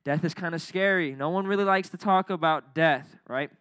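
A young man preaching to a youth crowd, his voice high and bright as he jokes around and gets the room to answer back. The sound is close and dry, with little room around it. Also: moderate pace, clear, resonant tone, dry recording. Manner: energetic, joking, talks with the crowd. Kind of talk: casual youth sermon.

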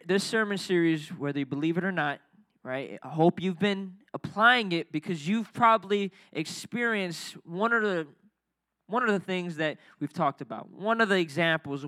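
A man's voice: high-pitched, normal speed, no room sound, studio quality. A young man, a youth director, preaching a casual, joking youth sermon and drawing the crowd into call and response. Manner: energetic, joking, talks with the crowd.

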